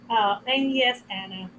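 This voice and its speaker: A woman's voice: a little high, a bit bright, a little hiss or hum, poor audio. A woman from Puerto Rico with a Puerto Rican accent, a Spanish speaker, chatting casually on a writing stream and laughing through her stories. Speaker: writer co-host. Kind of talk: casual chat on a livestream.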